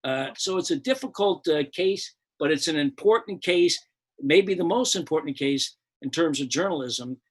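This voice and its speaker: A man's voice: on the high side, lively intonation, normal speed, breathy edge. An older American man, a comedian hosting a live show, ranting about politics in a profane, rambling, heated way with many restarts.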